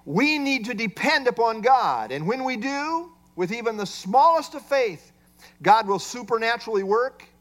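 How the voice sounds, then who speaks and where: High, lively-voiced male preacher. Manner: expository preaching with rhetorical questions. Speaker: pastor. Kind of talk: sermon.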